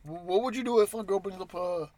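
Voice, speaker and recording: A young man with a high-pitched voice hosts a casual podcast, telling crude stories in an animated way among friends. The sound is close and dry. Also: quick pace, no room sound. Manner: crude, animated storytelling with laughs. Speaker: podcast host.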